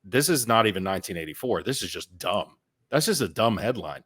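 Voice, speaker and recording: A man's voice: lowish voice, sing-song, fairly quick, a bit bright, husky. A man co-hosting a podcast in casual chat, telling stories and often repeating words while he finds his thought. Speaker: podcast co-host.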